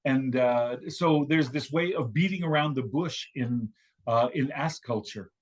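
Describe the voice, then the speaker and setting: Brief: husky male guest, mid-pitched, storytelling with lots of self-corrections. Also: a little slow. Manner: digressive storytelling with many restarts. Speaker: guest, communication teacher. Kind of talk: casual chat.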